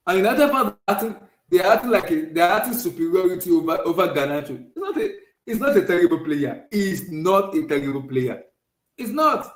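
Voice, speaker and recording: Guy ranting on a podcast, kinda high voice, echoey room, says stuff over and over. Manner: ranting, repeats himself. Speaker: podcast host. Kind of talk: heated football rant.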